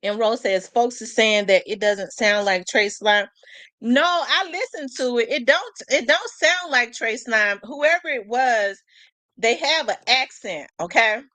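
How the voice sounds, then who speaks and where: A woman's voice: on the high side, unhurried, sharp tone, dry recording. A woman hosting a casual live commentary, chatty and asking questions aloud as she talks to her viewers. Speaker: host.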